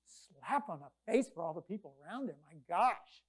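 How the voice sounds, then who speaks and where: A woman delivering a sermon in a conversational, storytelling way. She acts out the people in her scripture stories with quick changes in loudness, rising for big moments and dropping low for quiet ones. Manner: conversational, animated storytelling with quoted voices. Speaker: preacher.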